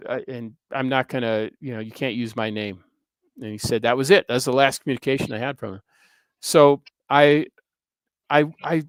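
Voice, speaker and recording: Male guest, 60s, smooth and resonant tone, earnest rambling storyteller. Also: medium pitch, no echo. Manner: earnest, rambling anecdote with frequent hesitations. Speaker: guest, history professor and author. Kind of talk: casual interview storytelling.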